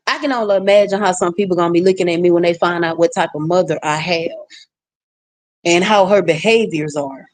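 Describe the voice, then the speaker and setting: A woman vlogger ranting casually to her viewers in a fairly low voice. She is blunt and outspoken, and the sound is dry and close. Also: fairly quick, darkish tone, dry recording.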